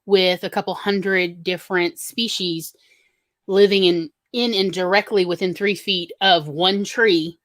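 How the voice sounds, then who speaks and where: A woman co-hosting a podcast chats casually and rambles, using lots of fillers. Her fairly low voice stays steady and unhurried, and the recording is dry.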